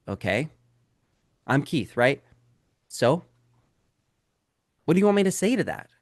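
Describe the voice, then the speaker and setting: A man's voice: a little high, wildly swooping pitch, normal speed, pauses often, no echo, clean studio sound. A man teaching a live sales webinar, talking straight to his audience and firing rhetorical questions at them. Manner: addresses listeners directly as "guys". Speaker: real estate sales trainer.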